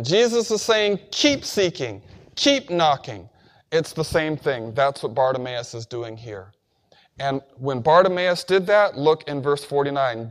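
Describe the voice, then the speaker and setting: A man preaching a sermon as pastor, building to emphatic cries and dropping into casual slang and acted-out quotes. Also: sits high. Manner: conversational asides and slang.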